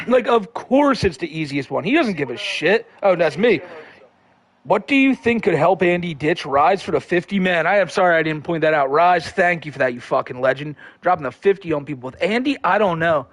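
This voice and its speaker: A man's voice: on the high side, animated, fairly quick. A man hosting a livestream, reading viewer comments in a rambling, profane, laid-back way. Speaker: livestream host.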